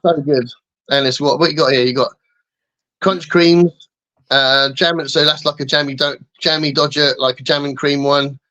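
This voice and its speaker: A man's voice: on the high side, fairly even intonation, normal speed, bright, forceful tone, lo-fi sound. A middle-aged English man chatting casually on a live stream, rambling and self-mocking, often laughing. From England. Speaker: guest co-host.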